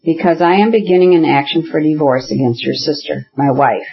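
A man's voice: a little high, brisk, gravelly. A man voicing a cold, formal middle-aged official with clipped speech in a storybook reading. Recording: dull lo-fi recording.

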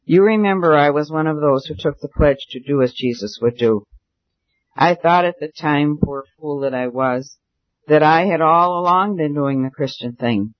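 A man's voice: on the high side, moderate pace, no room sound, close to an everyday voice. A man voicing a wealthy male landlord who is anxious and guilt-stricken, read in an audiobook. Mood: anguished. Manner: anxious confessional pleading. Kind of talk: audiobook character reading. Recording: dull dry recording.

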